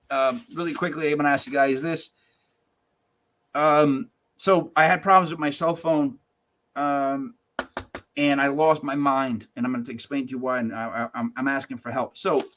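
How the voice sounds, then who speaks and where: A man hosting a podcast, ranting animatedly and acting out the people he quotes. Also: a little high. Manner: animated, ranting, acts out quotes in shifting voices. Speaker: podcast host. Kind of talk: casual podcast rant.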